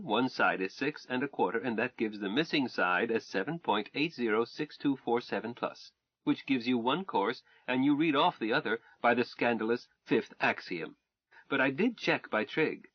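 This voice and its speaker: A man's voice: medium pitch, no room sound, close to an everyday voice. A man reading a math-minded young wife in an audiobook, earnest and precise as she recites calculations, on a dull, dry recording.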